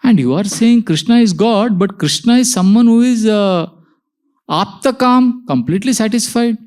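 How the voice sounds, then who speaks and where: A high-pitched man delivers a devotional lecture to a live audience. He tells stories, slipping into the voices of the characters he quotes, and stretches out phrases he wants to land. His tone is that of a patient spiritual teacher. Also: animated, a little mellow. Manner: storytelling, acts out quoted dialogue, slows for emphasis.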